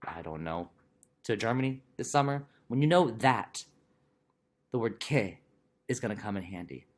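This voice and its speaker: A man teaching a recorded language lesson in a chatty, playful way, with quick asides to the viewer. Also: mid-range voice. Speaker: Spanish teacher.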